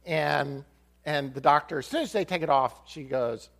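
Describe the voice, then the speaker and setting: A man's voice: fairly high pitch, moderate pace, vocal fry. A man preaching a storytelling sermon in a church, acting out the voices of the people in his story. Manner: animated, acts out dialogue with shifting voices. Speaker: pastor.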